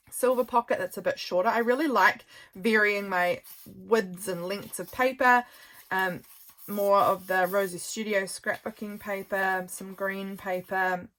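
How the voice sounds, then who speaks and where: A woman, a journal maker, chatting casually while showing her work, gushing and a little tired. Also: mid-range voice. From New Zealand. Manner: chatty, gushing, softly rambling. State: tired, yawning. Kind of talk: casual craft show-and-tell.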